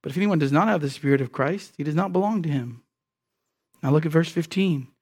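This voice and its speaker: A man's voice: fairly high pitch, brisk, darkish tone. A man preaching an expository sermon, emphatic and often repeating words as he teaches.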